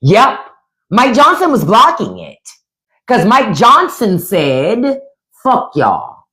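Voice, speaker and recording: Animated, blunt woman hosting a livestream. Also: on the high side, slow. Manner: animated, blunt and profane, mimicking others. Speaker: livestream host. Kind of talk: casual political commentary livestream.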